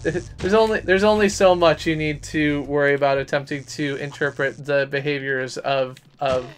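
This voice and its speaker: A man's voice: a little high, fairly even intonation, moderate pace. Chatty man rambling over gameplay. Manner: chatty, self-mocking, rambling. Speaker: gaming streamer. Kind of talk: casual gameplay commentary. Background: faint game music.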